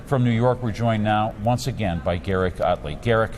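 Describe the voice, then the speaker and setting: A man anchoring a television newscast, reading in a brisk manner with some stumbles. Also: fairly low pitch, darkish tone. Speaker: news anchor. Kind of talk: scripted news reading.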